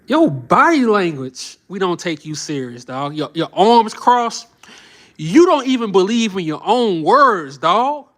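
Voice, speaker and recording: Mocking man with a lively pitch. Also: a little slow. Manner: mocking, laughs often, slangy. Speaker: reaction channel host. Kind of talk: casual reaction commentary.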